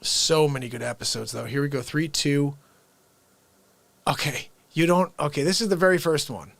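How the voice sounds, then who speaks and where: A man hosting a comedy livestream, chatting casually and rambling in a low-key, soft-spoken way. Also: moderate pace, vocal fry, no room sound.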